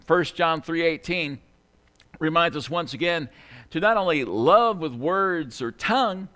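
A man's voice: a little high, fairly bright tone. A man preaching a sermon in a church, earnest and conversational, often adding "you know" as he talks.

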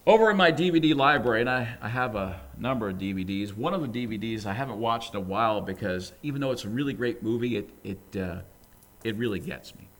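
A man's voice: fairly low pitch, lively intonation, fast talker, a bit bright. A male preacher giving a sermon, telling a story earnestly and building up to fervent, emphatic exhortation.

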